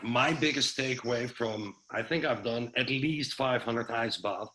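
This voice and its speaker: A man's voice: mid-range voice, sharp tone, rough recording. A man giving an informal health presentation on a video call, loose and chatty with lots of fillers and restarts. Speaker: webinar presenter.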